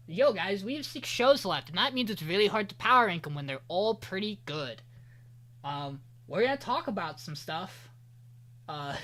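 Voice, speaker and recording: A man hosting an anime podcast, recapping an episode in a loose, profane way and quoting characters in quick voices. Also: on the high side, bright, forceful tone. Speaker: podcast host.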